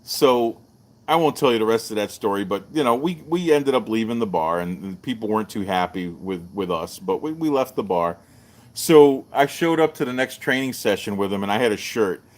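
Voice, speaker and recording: Guy hosting a martial arts stream, telling old training stories, animated, voice jumps up when he quotes folks. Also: lowish voice, normal speed. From Texas. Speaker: martial arts show host. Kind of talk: casual storytelling to a live stream.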